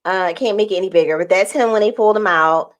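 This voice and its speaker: A woman vlogger with a mid-range voice talks quickly, addressing her viewers directly as she tells a story in a lively, chatty way.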